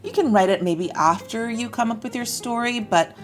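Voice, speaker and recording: A woman's voice: fairly high pitch, moderate pace, soft background music. A woman with an American accent teaching English to camera in a chatty, upbeat way. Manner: chatty, upbeat, acts out example phrases. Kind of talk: explaining lesson to camera.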